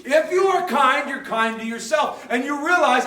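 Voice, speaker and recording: Pastor guy preaching, very high voice, echoey church, mic far away. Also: normal speed, hardly any pauses. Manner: animated storytelling, emphatic. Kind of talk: sermon. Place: church hall. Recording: echoey hall, mic at a distance.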